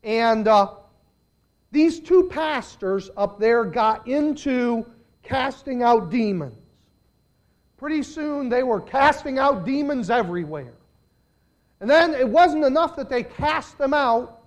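Slow, emphatic older male preacher. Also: extremely high pitch, animated. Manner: swings from hushed to loud, emphatic preaching. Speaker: pastor. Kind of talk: sermon.

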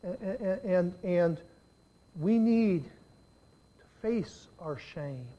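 An impassioned preacher delivering a sermon. The voice drops to a near-whisper, then climbs steeply into high, shouted appeals. Stretches of spoken prayer come in the first person, slow and pleading. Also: animated, lo-fi sound. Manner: impassioned, swinging from hushed to shouting.

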